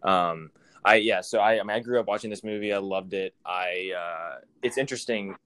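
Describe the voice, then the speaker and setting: A man's voice: sits low, moderate pace, fairly bright tone, clear, resonant tone. A man co-hosting a podcast in casual chat, rambling and swearing freely with easy laughs. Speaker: podcast co-host.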